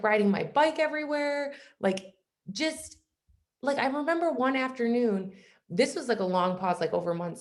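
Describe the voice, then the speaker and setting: A woman's voice: mid-range voice, darkish tone. A young woman from Michigan, a guest speaker on a video call, telling her story in a casual, chatty way and saying "like" constantly. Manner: chatty, says "like" constantly, acts out quoted voices.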